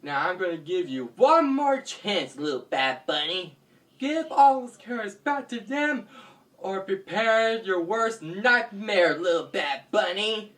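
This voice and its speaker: A man's voice: high-pitched, animated, slow, fairly bright tone, full character voice. A man voicing a brave, kind superhero girl in a storybook tale, speaking in a stern, warning way. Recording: distant mic with background noise.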